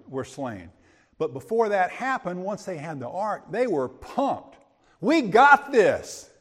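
A man preaching in a husky voice, his pitch leaping up and down as he builds to loud points and then drops to near-hush. He sounds fairly high for a man. A long reverb from the room hangs behind his words. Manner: dramatic swings from loud to hushed. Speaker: pastor. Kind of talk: sermon.

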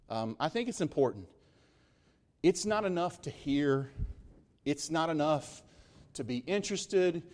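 A man delivering a sermon in a slightly higher voice than most men. He preaches emphatically, climbing to loud, high peaks and then sinking to slow, hushed stresses on key words. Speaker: pastor.

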